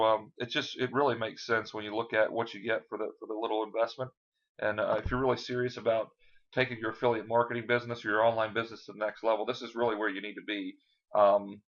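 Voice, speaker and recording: Salesy man with a bright voice. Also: on the low side, dull audio. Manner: casual, filler-heavy, salesy. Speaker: online marketing presenter. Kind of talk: screen-share sales pitch.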